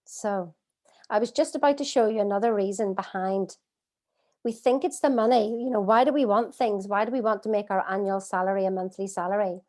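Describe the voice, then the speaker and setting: A middle-aged woman leading a live online coaching masterclass from home, earnest and expressive, asking her audience many rhetorical questions. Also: medium pitch, brisk. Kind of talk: live-streamed coaching talk. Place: at home, streaming by video call.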